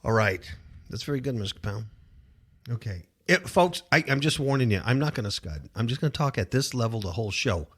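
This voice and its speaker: A man's voice: mid-range voice, a little fast, husky. A man hosting a talk show, chatting casually and joking, often mocking people in put-on voices. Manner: animated, jokey, puts on mocking voices. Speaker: podcast host.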